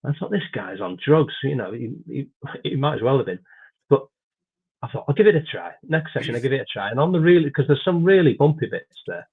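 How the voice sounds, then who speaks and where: A man's voice: medium pitch, brisk, breathy edge. Man telling racing stories over a tinny line. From Britain. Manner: animated anecdotes with many restarts. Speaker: podcast guest, former racer. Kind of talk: casual storytelling.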